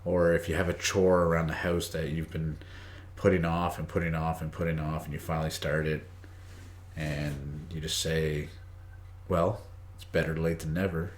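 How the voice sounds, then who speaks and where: A man's voice: rumbling low, completely flat delivery, moderate pace. A man teaching English idioms on a live stream, chatty, greeting viewers by name and reading the chat aloud. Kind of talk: casual live-stream lesson. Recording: echoey room.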